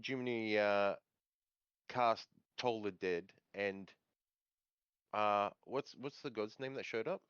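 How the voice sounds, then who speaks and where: Slow, halting man on a dull mic. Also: on the low side, a bit bright, clean tone, no echo. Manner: halting, drawn-out storytelling. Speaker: player. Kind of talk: recapping a tabletop game session. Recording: dull lo-fi microphone.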